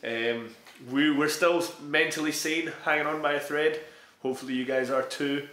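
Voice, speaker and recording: A young man tells a story in a bright, forceful, fairly high voice, laughing and swearing as he goes. His voice bounces around an echoey room. This is a relaxed podcast chat between friends. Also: normal speed. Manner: laughing, animated anecdote with profanity. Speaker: podcast co-host, karate student. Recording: roomy echo.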